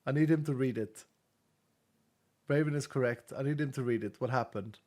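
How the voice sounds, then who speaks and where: A man's voice: medium pitch, a little fast, pauses often. A man streaming a game, chatting casually with his viewers, reading their messages aloud and laughing often, speaking English with a non-native accent. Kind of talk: casual live-stream chat.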